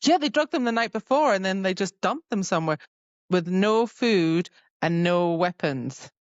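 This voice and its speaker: A woman's voice: medium pitch, animated, moderate pace, no echo. A woman co-hosting a casual book-club podcast, chatting about a novel and filling her retelling with "like". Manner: chatty, retells scenes with lots of "like". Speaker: podcast co-host. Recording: dull lo-fi sound.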